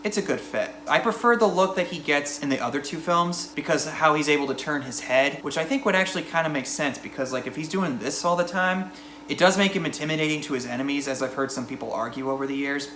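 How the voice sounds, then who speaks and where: A man's voice: on the high side, fast talker, bright, forceful tone, reverberant. A man giving a casual, chatty movie review, now and then mimicking lines from the film.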